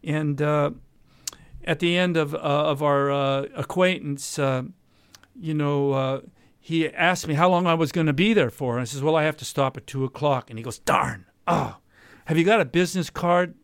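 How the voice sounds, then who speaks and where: A man, a jazz guitarist and podcast host from Southern California, telling a long anecdote in a casual interview, with many pauses and quoted dialogue. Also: on the high side, steady tone, clean tone, no echo. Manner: rambling anecdote with many uhs, quoting others.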